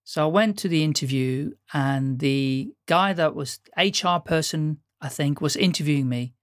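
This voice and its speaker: A woman's voice: low-pitched, moderate pace, no echo, clean studio sound. A middle-aged woman from the Netherlands, whose first language is Dutch, hosting an interview and telling stories in a chatty way, laughing often and restarting sentences. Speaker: podcast host. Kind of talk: casual conversational interview.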